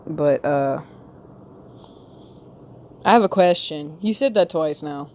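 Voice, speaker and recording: A young woman livestreaming while she draws, chatting casually, reading chat aloud and giggling, with sudden high squeals. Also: slow pace, darkish tone, slight background noise.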